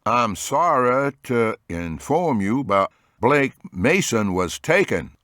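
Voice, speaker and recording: A man's voice: medium pitch, slow pace, dry recording, studio quality, pitched above the performer's own voice. A man playing a stern, firm male agent. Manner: firm, flat delivery. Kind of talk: audiobook character voice.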